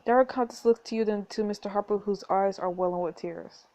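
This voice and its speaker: A woman hosting a let's play, reading a story game aloud and adding snarky, expressive asides. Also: mid-range voice, a little fast.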